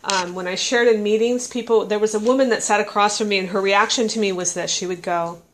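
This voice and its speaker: A woman's voice: medium pitch, poor audio. A woman sharing her personal story at a recovery meeting, candid and self-mocking, laughing often and restarting her sentences. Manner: halting, with many restarts and fillers. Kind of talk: personal testimony to a live audience. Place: meeting room with an audience.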